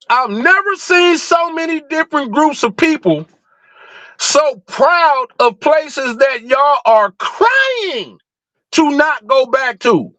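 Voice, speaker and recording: High-pitched guy on a livestream going off, blunt and cussing, dry close sound. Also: fairly bright tone, no echo, highs cut off. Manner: fired-up, blunt, profane, rhetorical questions. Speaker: livestream host. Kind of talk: heated livestream rant.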